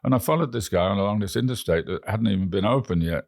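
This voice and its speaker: A man's voice: fairly low pitch, fast talker, vocal fry, darkish tone, no echo, studio quality. A man with an English accent, a guest telling rambling travel stories in an interview, often restarting his words. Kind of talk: anecdotal storytelling.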